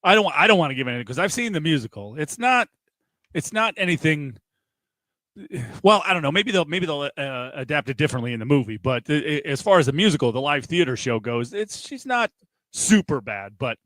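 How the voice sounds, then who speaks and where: A man with a fairly high voice co-hosting a casual podcast. He sounds easygoing and agreeable, and keeps an upbeat tone. The sound is close and dry. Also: animated, fairly quick, fairly bright tone, dry recording. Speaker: podcast co-host. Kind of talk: casual chat. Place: home garage.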